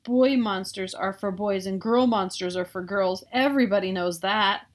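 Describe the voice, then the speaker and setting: A woman's voice: mid-range voice, moderate pace, lightly acted. A woman doing a stubborn little boy. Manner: stubborn and matter-of-fact. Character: picky young boy insisting on a boy monster.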